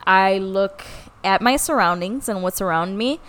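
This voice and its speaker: Animated, swearing young woman. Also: mid-range voice, measured pace. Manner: profane, animated, acts out quoted voices. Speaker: podcast co-host. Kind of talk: casual storytelling chat.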